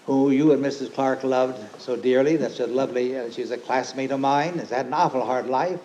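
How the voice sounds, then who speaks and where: An older man preaching an informal, rambling sermon, folksy and emphatic, who turns forceful when he quotes scripture. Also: mid-range voice, steady tone, a little fast. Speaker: lay preacher and teacher. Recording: dull lo-fi archive recording with faint hiss.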